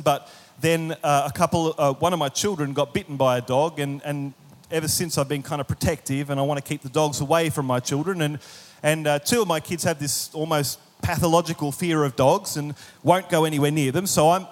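A man preaching a sermon in an animated way, with humorous asides and acted-out voices. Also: a little high, long reverb tail. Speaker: pastor.

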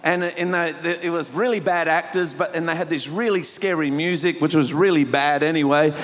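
A man preaching a sermon as a pastor, telling stories and rising to passionate, shouted appeals. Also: on the high side, steady tone, brisk. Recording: reverberant hall.

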